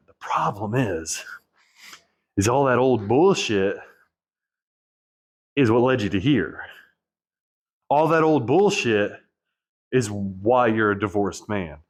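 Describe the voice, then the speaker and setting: A man hosting a channel for divorced men, talking through a personal story in a rambling, candid monologue laced with swearing. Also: on the low side. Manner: rambling, profane, self-reflective. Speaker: divorce coach and channel host.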